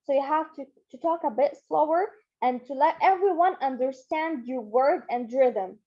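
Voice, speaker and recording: A woman's voice: high voice, normal speed, muffled recording. A woman leading an online training lesson, talking in an encouraging way with many fillers and repeats. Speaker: Model UN trainer.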